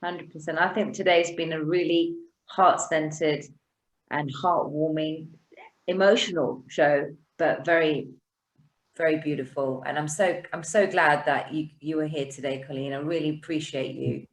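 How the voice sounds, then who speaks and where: A woman's voice: low voice, steady tone, normal speed. A woman hosting a casual online conversation, talking in a rambling, heartfelt way with many restarts. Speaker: host. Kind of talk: casual chat. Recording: roomy echo.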